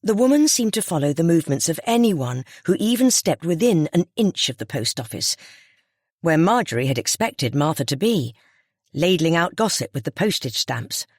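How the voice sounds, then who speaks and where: Steady audiobook narrator, dry close sound. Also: mid-range voice, moderate pace, dry recording. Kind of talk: scripted narration of a cozy mystery audiobook.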